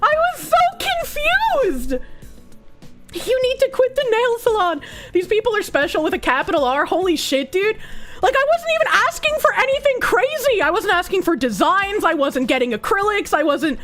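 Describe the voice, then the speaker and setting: A woman streamer chatting casually, telling an animated story with frequent swearing and laughter. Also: extremely high pitch, a little fast, faint music behind.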